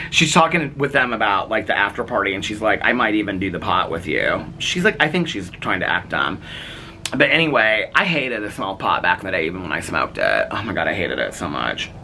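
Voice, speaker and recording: A man's voice: fairly low pitch, very animated, brisk, vocal fry, bright, forceful tone, a little hiss or hum. A man in his forties chatting casually to camera at home in a rambling vlog, full of fillers and little laughs. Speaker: vlogger. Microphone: camera on tripod.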